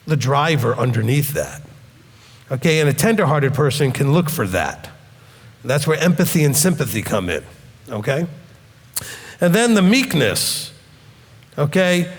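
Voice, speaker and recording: A man teaching in a question-and-answer session. He explains patiently and often checks in with "okay?". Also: on the high side. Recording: long hall reverb.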